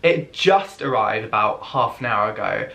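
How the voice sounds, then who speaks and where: A young man chatting through a casual unboxing vlog, excitable, gasping and often dropping to a whisper. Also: on the low side, moderate pace, creaky. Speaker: vlogger.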